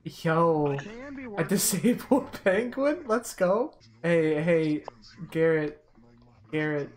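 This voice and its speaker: A man's voice: a little high, slow. A man in his twenties chatting casually while gaming, joking and laughing often. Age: 20s. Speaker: gamer in a voice chat.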